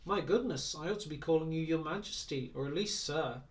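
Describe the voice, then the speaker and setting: A man reading aloud and voicing a wry grown man who questions and gently teases. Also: a little high, fairly quick, recorded from a distance, lightly acted. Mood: curious. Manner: bantering, gently teasing.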